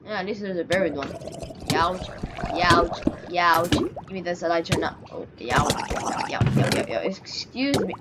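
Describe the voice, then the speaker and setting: A woman's voice: on the low side, animated, a little slow, heavy background noise. A woman casually commenting on her gameplay, playfully talking to the characters on screen and pleading with them in mock panic. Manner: playful, talks to game characters, yelps and mock pleas. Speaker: gaming video creator.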